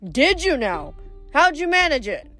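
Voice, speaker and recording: A woman's voice: high-pitched, sing-song, unhurried, fairly bright tone, soft background music, voice pushed up, exaggerated voice. A woman voicing a boastful, smug three-bodied male rancher villain in a storybook reading. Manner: smug, taunting.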